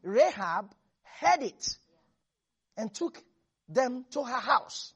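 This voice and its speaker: A woman preacher giving a lively, animated sermon, teasing the congregation and laughing often. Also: fairly high pitch, slow pace, breathy edge, dull audio.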